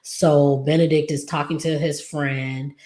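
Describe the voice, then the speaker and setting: A woman's voice: low voice, steady tone, measured pace, mellow. A woman casually recapping a TV episode, rambling with many fillers. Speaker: recap vlogger. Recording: echoey room.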